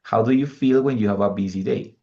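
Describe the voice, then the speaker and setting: A man's voice: fairly low pitch, a little fast, mellow, muffled recording. A male English teacher giving a lesson, patiently repeating example phrases and checking in with his students. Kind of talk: online language lesson, mixing English and Spanish.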